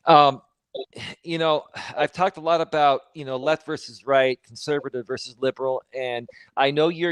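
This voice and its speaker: A man speaking as a guest on a casual livestream panel, talking in a measured, careful way with some hedging. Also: medium pitch, smooth, no room sound. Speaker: guest streamer.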